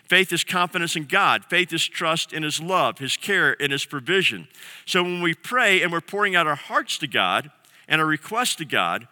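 High, bright-voiced pastor in a reverberant hall. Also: male voice, very animated, normal speed. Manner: conversational, acts out quoted voices, frequent restarts. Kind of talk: sermon.

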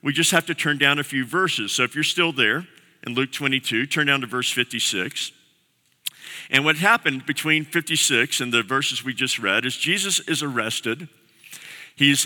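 A man's voice: a little high, pushed and bright. A man preaching a sermon as pastor, earnest and repeating key phrases for emphasis. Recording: long reverb of a large hall.

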